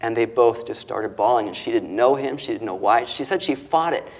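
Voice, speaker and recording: A man's voice: medium pitch, brisk. A male author and interview guest who retells moving stories, acting out the quoted voices and getting choked up. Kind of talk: emotional storytelling interview.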